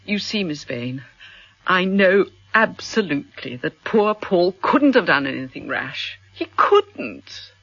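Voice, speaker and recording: A sentimental rich widow who gushes and sighs through every sentence, her pitch swooping widely in a bright, slightly husky voice. It sounds like an old radio play, dull and lo-fi, with a dry close sound. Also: big pitch swings, takes it slowly, no room sound, heavily acted. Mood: gushing. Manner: effusive, melodramatic, sighing. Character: gushing wealthy middle-aged widow, self-pitying and sentimental. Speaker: character in a radio drama. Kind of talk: radio drama acting.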